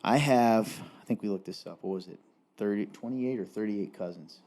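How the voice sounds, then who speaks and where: Young Appalachian man, podcast co-host; low, mellow voice, earnest and rambling. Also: moderate pace. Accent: Appalachian Southern. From Eastern Kentucky. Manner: earnest, rambling, with many restarts. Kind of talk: casual faith chat.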